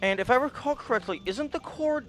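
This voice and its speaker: A game streamer giving low-key let's-play commentary, musing and talking to themself while playing. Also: expressive, fairly quick, a bit bright, faint music behind.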